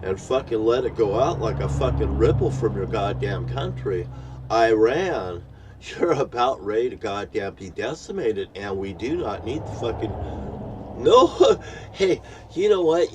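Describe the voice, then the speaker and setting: A man's voice: medium pitch, expressive, normal speed, a little mellow, recorded from a distance, a little hiss or hum. A man ranting angrily to the camera, swearing constantly and repeating himself. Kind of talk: angry profane monologue to camera.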